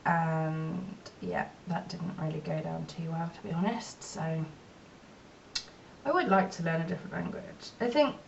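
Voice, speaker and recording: Woman vlogger, rambling and self-mocking, recorded a bit far off with faint rumble. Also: unhurried, vocal fry. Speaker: beauty vlogger. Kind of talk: casual chat while doing makeup. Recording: distant, dull lo-fi mic with faint rumble.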